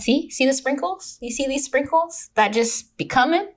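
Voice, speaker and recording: A woman guest on a podcast tells a story in loose, lively chat. She swears often and slips into mocking impressions of the people in the story. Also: high voice, moderate pace. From California. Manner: animated, profane, mocking impressions. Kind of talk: casual storytelling. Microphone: remote recording.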